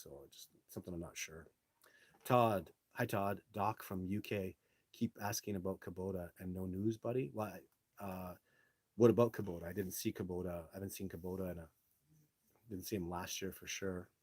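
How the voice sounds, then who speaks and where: Middle-aged guy on a live stream, husky low voice, dry close sound, animated and swears a bit. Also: normal speed, no room sound. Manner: animated, swears casually, repeats words. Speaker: live show host. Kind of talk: casual live-stream storytelling and viewer Q&A.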